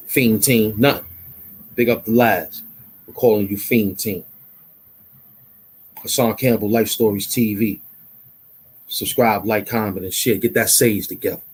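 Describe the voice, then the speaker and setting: A man hosting an online commentary show, ranting in a loud, mocking, animated way and repeating himself for emphasis. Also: fairly low pitch, slightly rough. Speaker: YouTube commentary host.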